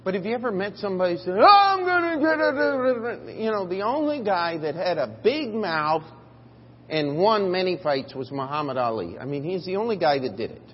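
A man preaching a sermon in a church, telling a story and moving between quiet, drawn-out phrases and loud, emphatic bursts. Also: high-pitched, lively intonation, slight background noise. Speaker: pastor. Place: church sanctuary. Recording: dull audio in a reverberant hall.

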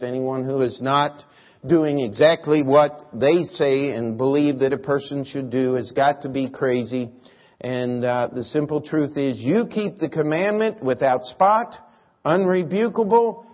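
A man preaching a sermon, emphatic and asking the congregation rhetorical questions. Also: mid-range voice. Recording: muffled lo-fi sermon recording.

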